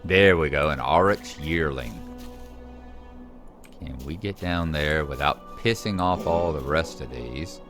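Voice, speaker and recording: A man's voice: a bass voice, takes it slowly, music in the background. A man chatting casually through his gameplay and teasing the characters on screen. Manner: chatty, talks to the game characters. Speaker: gameplay host.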